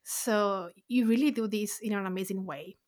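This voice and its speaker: A woman from Tuscany with an Italian accent, hosting a podcast interview in a warm, gently enthusiastic way. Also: medium pitch, normal speed. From Italy, Tuscany. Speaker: podcast host.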